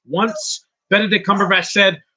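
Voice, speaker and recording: A man's voice: high-pitched, steady tone, moderate pace, sharp tone. A man hosting a casual live movie commentary, chatty and opinionated, reading out viewer questions and rambling with restarts. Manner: rambling with frequent restarts and laughs.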